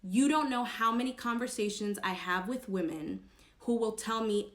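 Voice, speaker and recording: Woman vlogging her story, earnest n emphatic, lots of um and like, bright voice, echoey room. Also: fairly high pitch, moderate pace. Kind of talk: casual personal storytelling to camera.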